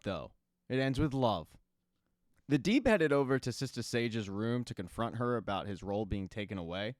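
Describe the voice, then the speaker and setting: A man's voice: mid-range voice, no echo, clean studio sound. A man hosting a casual spoken recap of a TV season, chatty and adding offhand asides as he goes. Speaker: TV recap host.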